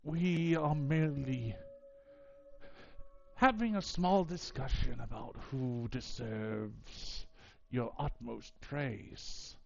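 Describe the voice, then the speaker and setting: A man voicing a haughty deity who speaks slowly and with measured calm, on a dull lo-fi mic. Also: mid-range voice, creaky, slight background noise. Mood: lofty.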